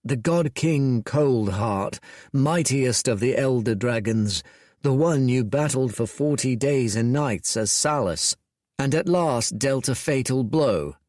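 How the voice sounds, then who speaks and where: A man voicing a deferential male aide who confides eagerly and in a lowered voice. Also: expressive, slow, a little mellow, no echo, clean studio sound. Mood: eager confiding.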